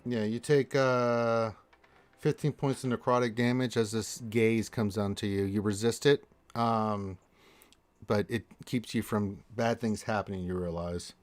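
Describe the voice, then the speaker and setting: A man's voice: fairly low pitch, fairly even intonation, a little slow, no room sound. A man running a tabletop game as dungeon master, teasing his players in a joking, casual way.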